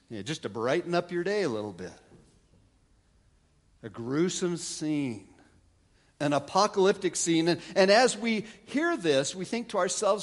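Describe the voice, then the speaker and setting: A man preaching a sermon as pastor, lively with wry asides and frequent restarts. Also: a little high, normal speed. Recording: long reverb of a large hall.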